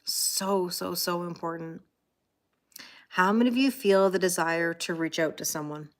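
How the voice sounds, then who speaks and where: A lowish-voiced tarot reader, middle-aged and Canadian-accented, speaks at a measured pace during her live stream. She chats freely, calls viewers by name, and reads out their comments.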